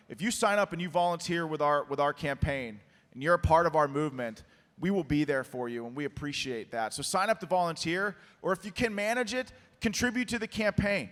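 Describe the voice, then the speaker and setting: A man running for office, talking as a guest on stage, his voice going hoarse, with an emphatic, rallying manner. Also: brisk, a bit bright. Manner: emphatic rallying campaign pitch. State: losing his voice. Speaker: political candidate, interview guest. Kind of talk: live on-stage conversation. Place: conference hall with an audience. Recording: long hall reverb.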